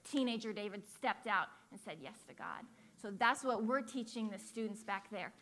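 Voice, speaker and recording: A woman preaching a sermon to a church, telling a story and swinging from hushed tones to loud, animated moments. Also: mid-range voice, normal speed. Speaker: pastor.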